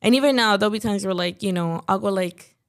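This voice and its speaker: A young Chicago woman appears as a podcast guest, speaking at a medium pitch and a quick pace. Her talk is casual interview chat, loose and chatty, packed with "like" and "you know."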